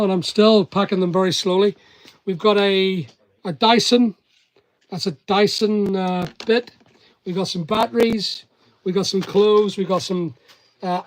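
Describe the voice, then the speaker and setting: Packing orders in his workspace with staff around, this channel host and online seller chats to viewers on a casual live stream and jokes with his team. He has a Northern Irish-English accent and a high, steady voice at a moderate pace.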